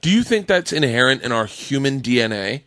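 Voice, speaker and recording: A man guesting on a podcast in casual chat, animated and laughing often as he jumps into comic bits. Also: medium pitch, brisk, no echo, studio quality.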